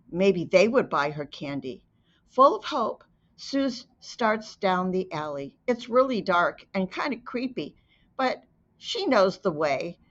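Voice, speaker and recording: A woman telling a story slowly and earnestly, then making an appeal to listeners. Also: medium pitch. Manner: slow, deliberate, earnest. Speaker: advocate narrator. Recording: dull lo-fi recording.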